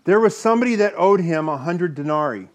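A man preaching a sermon, reading scripture aloud and telling a story with animated delivery. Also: sits high, fairly quick.

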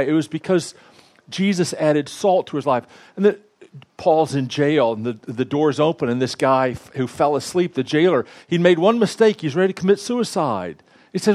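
A man delivers a sermon in an animated, chatty way. His voice sits fairly high for a man. He jokes and speaks straight to people in the pews. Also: moderate pace. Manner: animated, conversational preaching with props and asides to the congregation. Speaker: pastor.

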